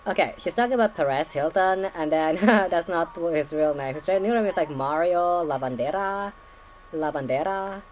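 A woman's voice: on the low side, normal speed, darkish tone, slight background noise, rough recording. A woman hosting a podcast recap in casual rambling commentary, swearing freely, stacking fillers and laughing at her own asides.

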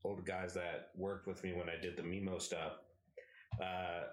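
Deep-voiced laid-back young man. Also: little pitch movement, measured pace. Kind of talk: casual chat. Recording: roomy echo.

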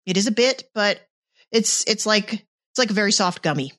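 A woman's voice: medium pitch, expressive, normal speed, fairly bright tone. A woman co-hosting a podcast over a video call, chatting playfully and laughing often. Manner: playful, laughs often, repeats herself when starting. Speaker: podcast co-host. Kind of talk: casual chat.

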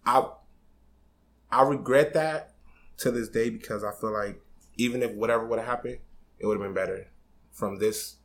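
A man's voice: fairly low pitch, normal speed, long pauses, a bit bright. A man in his twenties on a podcast, candidly telling a personal story in a casual, slangy way, swearing freely and getting emotional. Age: 20s.

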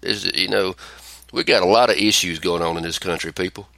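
A man's voice: low-pitched, a little fast, gravelly, dry recording. A man hosting a casual podcast chat, ranting and telling stories with plenty of swearing. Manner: profane, ranting, animated storytelling. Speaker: podcast host.

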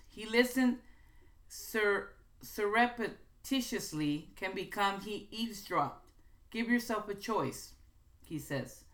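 A woman's voice: medium pitch, fairly bright tone. A woman hosting a casual writing podcast, reading from a book and talking it over in a loose, chatty way with many restarts. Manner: chatty, restarts and fillers, slows to stress quoted examples. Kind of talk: informal teaching podcast, reading quotes aloud. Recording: roomy echo.

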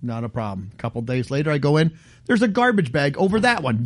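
A middle-aged man rants in casual chat, full of mock outrage. His voice sits high for a man and swings all over. The sound is dry and close. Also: fast talker, no room sound. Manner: animated ranting, mock outrage. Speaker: podcast co-host.

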